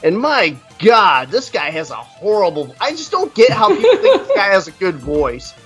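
A man's voice: high-pitched, huge pitch swings, moderate pace, slightly rough, faint music behind. A man ranting crudely and mockingly while reviewing an album in casual podcast chat. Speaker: podcast co-host.

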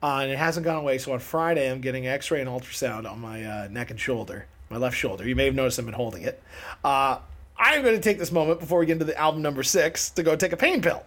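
A man's voice: mid-range voice, fast talker. A man co-hosting a casual music podcast, rambling with lots of laughter. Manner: animated, laughs often, rambling asides. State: neck and shoulder pain. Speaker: podcast co-host. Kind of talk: casual chat about music history.

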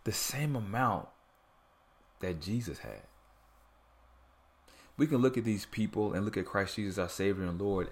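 A man with a somewhat low voice delivers a podcast sermon. He is earnest and steady, and he breaks into relaxed, conversational asides while leaning on repetition to drive points home. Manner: earnest preaching with casual asides and repeated phrases. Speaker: podcast preacher.

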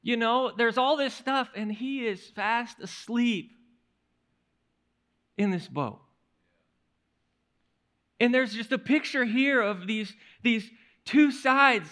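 A male pastor preaching a sermon in an animated storytelling manner, often restarting his words. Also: very high-pitched, slow pace, pauses often.

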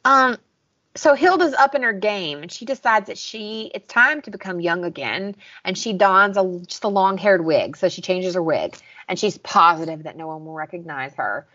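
A woman's voice: fairly low pitch, lively intonation, normal speed, sharp tone. A young woman from the American South with a Southern accent, co-hosting a podcast in casual chat and recapping scenes with lots of "like". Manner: chatty, recaps scenes with quoted lines and frequent "like". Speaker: podcast co-host. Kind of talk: casual chat reviewing episodes. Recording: slightly dull lo-fi podcast audio.

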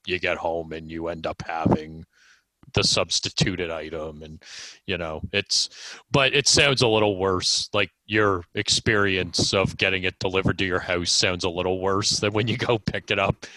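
A man with a very low but bright, edgy voice rambles through casual conversation, full of fillers. The recording is dry and close. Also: fairly even intonation, normal speed, dry recording, poor audio. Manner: rambling, many fillers and restarts. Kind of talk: casual chat.

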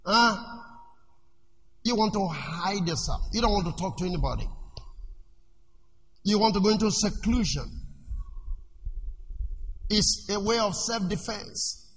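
A male preacher giving a sermon in an animated way. He asks the congregation questions and lets them finish his sentences. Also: high-pitched, unhurried, long pauses. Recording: echoey hall with faint noise.

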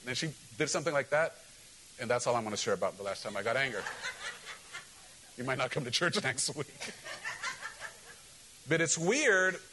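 A male pastor preaching a sermon in an animated, joking way, often asking the congregation questions. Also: mid-range voice, moderate pace, pauses often, a little hiss or hum, poor audio.

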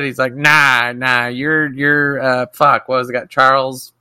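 A man's voice: mid-range voice, fairly even intonation, measured pace, bright, forceful tone, clean tone, dry recording. A man co-hosting a podcast, casually recapping a TV episode, swearing freely and acting out the characters' lines. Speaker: podcast co-host.

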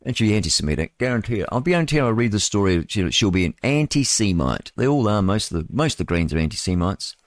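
A man's voice: fairly low pitch, sing-song, quick pace, few pauses, no room sound. A male radio host, reading news items and adding rambling, mocking commentary with chuckling asides. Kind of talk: solo talk radio commentary.

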